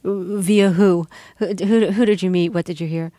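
A woman's voice: lowish voice, fairly even intonation, a little slow, warm tone, no room sound. A woman hosting a radio interview, asking short, probing questions and introducing her guest.

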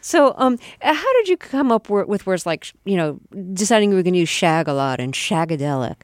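A woman hosting an interview, asking measured questions. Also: lowish voice, very animated, dry recording, studio quality. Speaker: interview host.

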